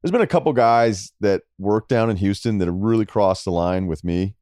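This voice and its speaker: A man's voice: normal speed, dry recording, clean studio sound. A middle-aged man, a podcast guest, talking sports in a casual, sarcastic way. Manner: animated, sarcastic, jumping between high and low.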